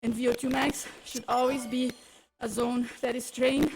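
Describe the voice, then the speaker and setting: A woman's voice: fairly high pitch, little pitch movement, moderate pace, vocal fry, a little mellow, a little hiss or hum, poor audio. A woman coaching a live indoor cycling workout, out of breath, encouraging riders and cueing them through intervals.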